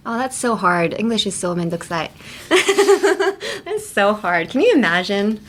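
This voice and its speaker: A young adult woman hosting a casual English lesson podcast, chatty and laughing often as she slowly models phrases. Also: medium pitch, sing-song, a little hiss or hum. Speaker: English teacher host.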